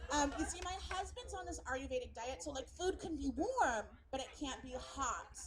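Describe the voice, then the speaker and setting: A woman's voice: high voice, lively intonation, normal speed. A woman voicing a fussy city diner who anxiously questions everything about the food.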